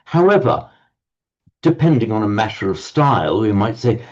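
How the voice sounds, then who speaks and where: A man teaching a Sanskrit class online, explaining slowly and often repeating words as he searches for them. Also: mid-range voice, very animated, a little mellow, highs cut off.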